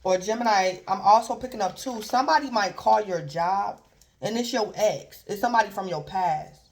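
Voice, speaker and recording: A woman's voice: mid-range voice, normal speed. Rambling woman giving a tarot reading. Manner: rambling and repetitive, filler "like", chuckles; acts out imagined callers in brief quoted voices. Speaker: tarot reader. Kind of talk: casual tarot reading monologue.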